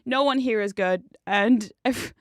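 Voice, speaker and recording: A woman's voice: on the high side, unhurried, dry recording, studio quality. A woman streamer chatting casually while gaming, swearing freely and laughing often at a desk microphone.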